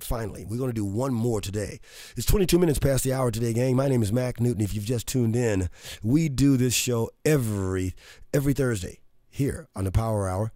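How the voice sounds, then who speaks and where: A man's voice: lowish voice, dark tone, no room sound. Folksy upbeat male radio host. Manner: folksy, upbeat, jokey with listeners. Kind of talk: motivational radio talk. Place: radio studio.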